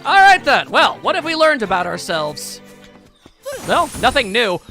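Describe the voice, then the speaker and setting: A man's voice: very high-pitched, very animated, unhurried, sharp tone, soft background music. A man giving sarcastic, joking let's play commentary as host of his gaming channel.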